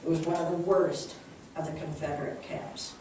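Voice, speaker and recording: Mellow woman reading a storybook aloud. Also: low-pitched, little pitch movement, normal speed, a little hiss or hum. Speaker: author reading her book. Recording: echoey room, distant mic.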